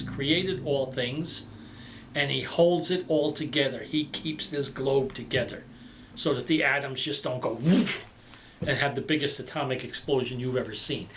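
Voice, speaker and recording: A male preacher giving a sermon, with dramatic delivery that swings between loud emphasis and quiet passages. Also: on the high side, a little hiss or hum.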